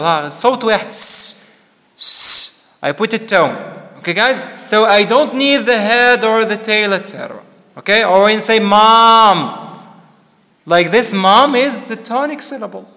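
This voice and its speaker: Man, teacher, high voice, quizzes students, echoey classroom. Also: animated, sharp tone. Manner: slow, explains step by step with questions to students. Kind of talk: classroom lecture.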